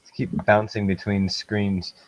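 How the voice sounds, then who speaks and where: A man's voice: on the low side, level tone, unhurried, rough recording. A man joining a casual chat as a guest over an online call, hesitant and often asking to hear things again. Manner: hesitant, restarts, asks to repeat.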